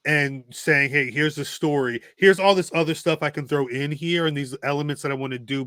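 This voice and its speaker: Man, casual podcast co-host, talks with animated energy, bright voice, dry sound. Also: a little high, dry recording. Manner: animated, swears casually, restarts often. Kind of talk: casual chat.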